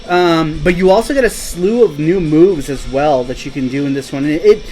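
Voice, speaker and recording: A man's voice: a little high, normal speed, a little mellow, faint music behind, poor audio. A man hosting a casual live stream, chatting in a rambling, laid-back way and laughing easily. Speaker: host.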